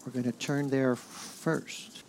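A man preaching a sermon in a conversational, animated way. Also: medium pitch, slow, slight background noise. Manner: conversational, with fillers and animated quoting. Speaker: pastor.

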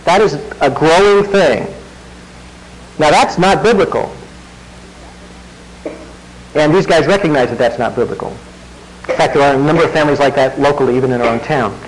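Conversational preacher, slightly high-voiced man. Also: animated, a little fast, slight background noise, poor audio. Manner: conversational, wry asides. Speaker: pastor. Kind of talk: sermon.

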